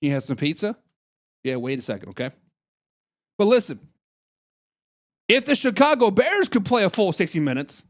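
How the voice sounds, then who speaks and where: A man's voice: high-pitched, very animated, normal speed, long pauses. A man hosting a live sports talk stream, reading chat comments aloud in a playful, teasing way.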